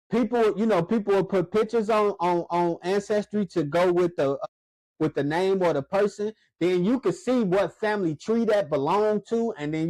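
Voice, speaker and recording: A man's voice: high-pitched, no room sound. A man telling stories in casual chat as a podcast co-host, acting out quoted lines as he goes. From Chicago. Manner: animated storyteller, acts out quotes.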